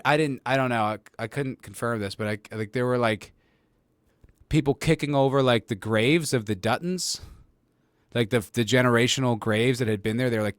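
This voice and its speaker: A man's voice: medium pitch, no room sound, clean studio sound. A man hosting a podcast, ranting casually in a rambling, sarcastic way with many fillers. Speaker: podcast host. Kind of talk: casual opinion rant.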